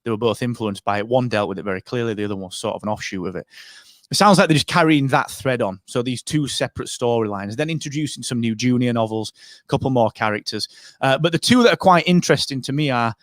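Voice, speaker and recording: In clean studio sound with a dry recording, a mid-range male voice moves at a quick pace. He is a podcast co-host chatting casually, rambling and restarting often amid plenty of fillers.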